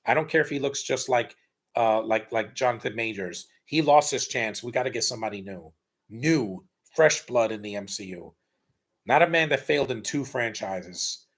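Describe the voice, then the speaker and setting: A man's voice: medium pitch, expressive, normal speed, a bit bright, breathy edge. A man giving casual, blunt and rambling live commentary while rewatching a film. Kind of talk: casual opinionated watch-along commentary.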